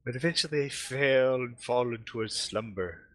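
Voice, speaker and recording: A man with a bright, forceful voice runs the tabletop game and narrates what happens. He talks in a chatty, casual way, and the recording is dry and close. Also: mid-range voice, moderate pace, no echo. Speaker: game master.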